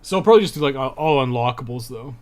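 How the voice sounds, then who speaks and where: A man's voice: medium pitch, animated, rapid-fire. A young man giving casual live-stream commentary over his speedrun at home, thinking aloud with lots of fillers. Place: home room.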